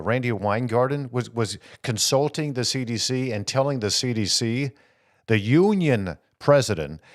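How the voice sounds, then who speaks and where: A man hosting a political talk show, reading viewer comments and answering them with animated rhetorical questions. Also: medium pitch, no room sound, studio quality. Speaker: host.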